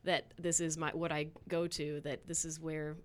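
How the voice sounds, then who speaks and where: A woman chatting casually on a podcast about a movie, animated and quoting lines. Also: low-pitched, moderate pace. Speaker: podcast co-host. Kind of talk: casual chat.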